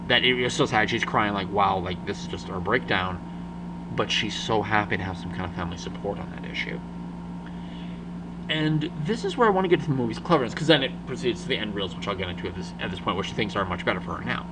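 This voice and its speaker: A man's voice: mid-range voice, background noise. A young man giving a casual spoken film review, rambling and often restarting or correcting himself mid-sentence.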